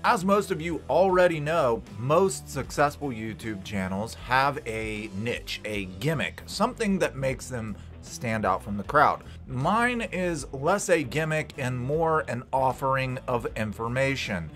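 A man's voice: medium pitch, sing-song, measured pace, hardly any pauses, a bit bright, faint music behind. A man hosting a rock-history vlog in a casual, jokey, irreverent way, swearing freely as he talks. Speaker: channel host.

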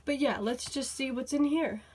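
A woman's voice: high voice, moderate pace, slightly rough. Gushing woman unboxing toys. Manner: gushing, excitable, many "oh my goodness". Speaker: vlogger. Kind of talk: toy haul unboxing.

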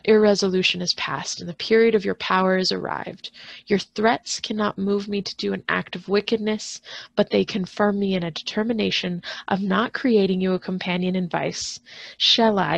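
A defiant young male scientist, read by a woman hurls loud, emphatic refusals with firm fury. The voice sits low with a gravelly edge, and the sound is dry and close. It plays like a gothic novel read aloud. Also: no echo.

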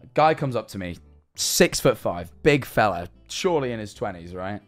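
Animated young Englishman on a livestream. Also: fairly low pitch, normal speed, faint music behind. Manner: animated, swearing, bursts into incredulous shouting. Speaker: streamer. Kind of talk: casual livestream chat reacting to viewer messages.

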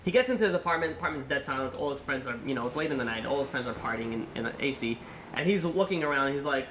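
A man's voice: mid-range voice, very fast. Rabbi guy rattling through a sermon story, lots of you know, echoey room w faint hum. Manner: animated, acts out quotes, many fillers.

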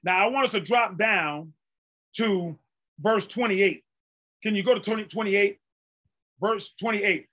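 A middle-aged pastor preaching with a very high, bright, forceful voice. He hammers phrases over and over and rises into shouts for emphasis. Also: a little slow, long pauses. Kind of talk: sermon.

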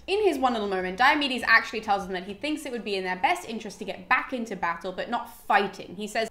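A woman's voice: mid-range voice, expressive, quick pace, hardly any pauses, pushed and bright. Chatty woman in echoey room. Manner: chatty, playful asides and slangy commentary. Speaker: podcast host summarizing a classic. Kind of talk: casual book recap chat.

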